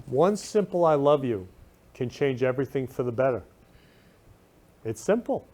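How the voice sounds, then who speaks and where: A man's voice: medium pitch, sing-song, normal speed, darkish tone. A man hosting his talk show from his room, speaking effusively and repeating loving phrases with emphatic stress. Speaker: show host. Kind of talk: casual talk show monologue.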